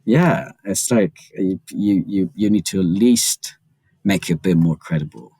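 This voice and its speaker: Male guest author, animated storyteller, lower register, dry close mic. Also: measured pace, slightly rough, no room sound, low-quality recording. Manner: animated, chatty storyteller peppering talk with "like". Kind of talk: casual podcast storytelling.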